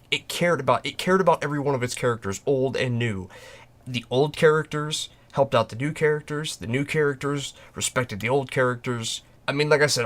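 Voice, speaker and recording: A man's voice: medium pitch, a bit bright. Guy on a fan podcast getting really fired up, restarts a lot, acts out the quotes. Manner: passionate, emphatic, with restarts and quoted dialogue. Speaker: podcast host. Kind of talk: casual fan podcast discussion. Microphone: podcast microphone.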